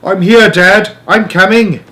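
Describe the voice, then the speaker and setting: Man reading as a frightened boy lost in the dark woods, high, loud pleading shouts, storybook read-aloud. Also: takes it slowly, full character voice. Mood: desperate calling. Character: frightened nine-year-old boy calling for his father.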